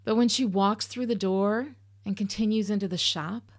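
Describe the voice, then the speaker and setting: A woman's voice: medium pitch, steady tone, normal speed. A woman hosting a podcast, giving candid, sarcastic commentary on a TV episode, swearing casually. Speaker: podcast host.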